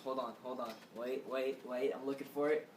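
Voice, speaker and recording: A man's voice: medium pitch, level tone, moderate pace, distant mic, a little hiss or hum. Wry man, off-mic in an echoey room. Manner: wry, short replies, laughs along. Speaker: podcast co-host. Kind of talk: casual TV review chat.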